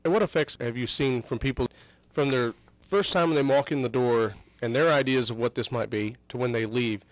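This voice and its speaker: A man's voice: medium pitch, fairly quick, no echo, rough recording. A man hosting an interview, explaining and asking questions earnestly. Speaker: host.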